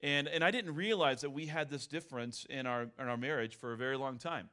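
A man's voice: medium pitch, fairly quick, sharp tone. A middle-aged man and pastor preaching a sermon in a candid, conversational storytelling way.

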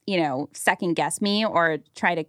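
A woman in her thirties co-hosting a podcast, telling stories in a lively way and acting out the people she quotes. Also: on the low side, moderate pace, dry recording, studio quality. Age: 30s. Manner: animated storyteller, acts out quoted people. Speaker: podcast co-host. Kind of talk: casual chat, storytelling.

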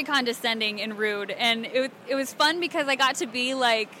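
A young woman from Alabama, a cosplayer and voice actress, chatting excitedly and giggling through a convention interview. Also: fairly high pitch, normal speed, few pauses, a little hiss or hum. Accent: Southern American. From Alabama, USA. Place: convention floor.

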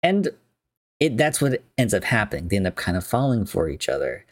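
A man's voice: lowish voice, big pitch swings, a little fast, no room sound. A man casually retelling a film's plot, chatty and rambling, with many fillers.

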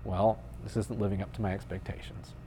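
A man's voice: fairly low pitch, flat delivery, a little fast, mellow, slight background noise. Playful, conversational man preaching. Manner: conversational and playful, with dry humor. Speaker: pastor. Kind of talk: sermon.

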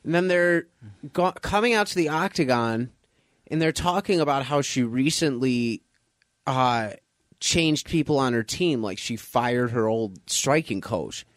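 A man's voice: medium pitch, measured pace, no echo, clean studio sound. Man telling a story on a podcast. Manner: animated storytelling, acting out friends' voices. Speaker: podcast co-host. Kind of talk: casual chat.

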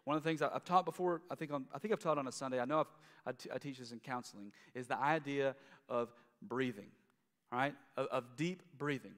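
A man's voice: mid-range voice, fast, fairly bright tone, long reverb tail. A man in his thirties preaching a sermon as pastor, in a conversational way that often restarts and repeats words.

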